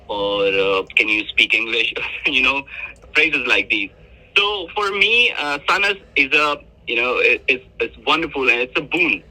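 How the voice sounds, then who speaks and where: A man's voice: medium pitch, pushed and bright, poor audio. A man from India with an Indian accent, politely and earnestly demonstrating a product. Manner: polite, earnest, says "sir". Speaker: tech demo guest. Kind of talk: friendly product demo.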